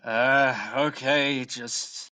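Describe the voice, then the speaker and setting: A man's voice: mid-range voice, little pitch movement, drawn-out words, pushed and bright, clean tone. A man voicing a confused, jumpy male town guard in a tabletop game. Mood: flustered. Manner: flustered, questioning.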